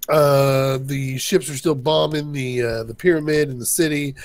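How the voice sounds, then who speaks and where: A man co-hosting a casual show, excitedly retelling an episode and acting out the characters' lines with a laugh. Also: medium pitch, normal speed, dry recording. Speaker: co-host recapping an episode. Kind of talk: casual recap chat.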